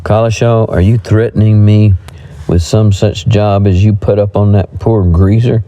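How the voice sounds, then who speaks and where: Defiant young frontier man, forceful and sarcastic, low dark tone, voiced by a male narrator in a western audiobook. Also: moderate pace, close to an everyday voice.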